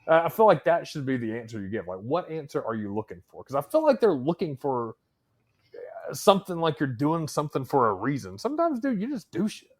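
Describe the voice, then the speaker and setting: A man's voice: medium pitch, sing-song, a little fast. A man co-hosting a casual podcast, laid-back and chatty, peppering his talk with "man" and "dude". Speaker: podcast co-host.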